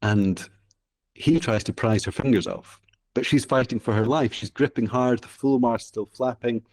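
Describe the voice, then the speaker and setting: A man's voice: mid-range voice, moderate pace, darkish tone. A man from Scotland with a Scottish accent, telling a traditional tale in an interview, vivid and rhythmic, repeating phrases for effect. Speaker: storyteller guest. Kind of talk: oral storytelling in an interview.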